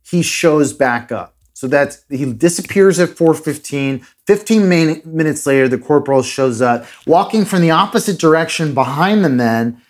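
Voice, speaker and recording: A man hosting a podcast, casually retelling a strange story with dramatic pauses and a few fillers. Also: on the high side, lively intonation. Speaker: podcast host.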